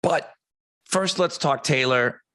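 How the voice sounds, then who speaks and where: A middle-aged man co-hosting a podcast, laying out his points step by step in a measured way. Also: on the high side, bright, forceful tone, dry recording. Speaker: podcast co-host. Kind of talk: casual podcast chat.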